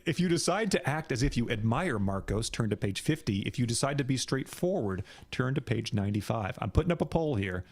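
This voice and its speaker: A man in a mid-pitched, ordinary voice narrating an adventure book for a comedy podcast. He reads briskly, breaking off for dry asides to his co-hosts. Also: animated, a little mellow, breathy edge, no room sound. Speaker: podcast host reading the book. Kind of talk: comedic read-aloud narration.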